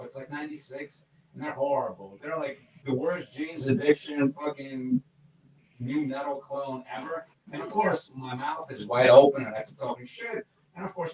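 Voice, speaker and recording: A man's voice: fairly high pitch, reverberant, distant mic, rough recording. A man telling rambling, profane anecdotes in a casual podcast chat.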